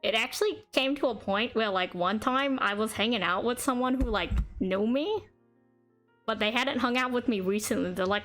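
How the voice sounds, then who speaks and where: A woman streaming, chatting casually in a deliberately chosen voice, rambling with lots of fillers. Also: fairly bright tone. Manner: playful, with sudden high pitch jumps; uses a deliberately chosen put-on speaking voice. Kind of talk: casual chat to stream viewers. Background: faint background music.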